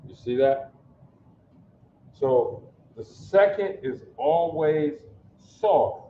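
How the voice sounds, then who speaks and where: A man teaching a language class at a slow, patient pace, repeating sounds and often asking his students whether they follow. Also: on the high side, expressive, slight background noise. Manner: slow, repetitive, checks understanding often. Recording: echoey room, dull lo-fi sound.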